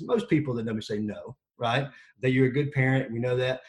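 A man in his thirties talking as a podcast guest, energetic and joking as he tells stories. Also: medium pitch, brisk, few pauses. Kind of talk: casual podcast conversation.

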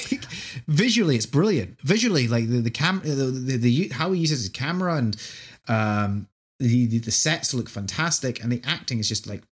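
A man's voice: medium pitch, animated, moderate pace, slightly rough. Enthusiastic Scottish man. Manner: enthusiastic, gushing recommendations. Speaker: podcast co-host. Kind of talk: casual chat.

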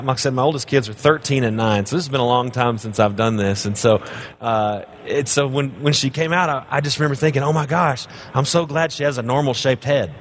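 A man's voice: mid-range voice, a bit bright, slight background noise. A guest pastor in his thirties with a drawl, preaching in a joking, storytelling way. He pokes fun at himself and keeps the congregation laughing as he goes. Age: 30s. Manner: joking, storytelling, self-deprecating. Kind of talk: humorous sermon.

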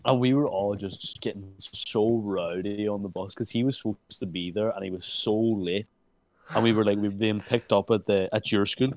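A young man, chatting casually with friends and telling school stories, full of "like" fillers and bursts of high laughter. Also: normal speed, rough recording. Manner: animated storytelling, many "like" fillers, breaks into high laughter. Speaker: friend reminiscing. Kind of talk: casual chat.

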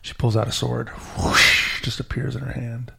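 A man hosting a podcast, retelling a myth to a child in an animated, storytelling way. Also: mid-range voice, a little fast, creaky, slight background noise. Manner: animated storyteller, acting out characters. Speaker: podcast host.

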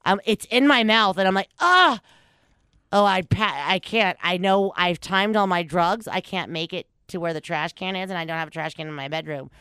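A woman hosting a podcast, telling stories in casual chat with a lot of swearing, big swings in pitch and frequent laughter. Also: brisk, hardly any pauses, fairly bright tone, clean tone, no room sound, clean studio sound. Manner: storytelling, reads news aloud with commentary. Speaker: podcast host.

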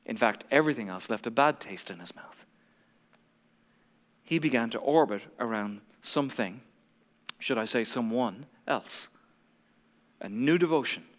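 A man's voice: medium pitch, fairly bright tone. A male pastor preaching an impassioned, dramatic sermon to a congregation in a large church hall. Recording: long hall reverb.

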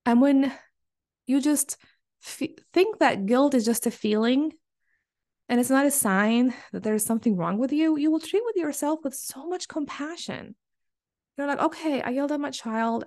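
A woman hosts her own podcast, speaking in a slightly high voice. She talks earnestly and encouragingly, circling back to repeat key phrases as she coaches her listeners. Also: a little mellow. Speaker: podcast host. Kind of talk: solo podcast coaching talk.

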